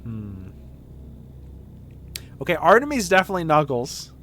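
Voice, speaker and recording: A male streamer commentating a game playthrough and reading out chat, talking in an excitable, joking way. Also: fairly high pitch, unhurried, a little hiss or hum. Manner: excitable, joking, laughs often. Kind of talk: let's-play commentary with chat.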